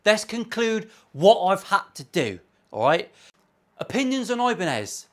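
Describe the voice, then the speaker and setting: A man's voice: high-pitched, sing-song, unhurried. A man, a luthier and host of a guitar channel, chatting in his workshop with blunt, jokey, profane banter. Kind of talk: casual sweary banter.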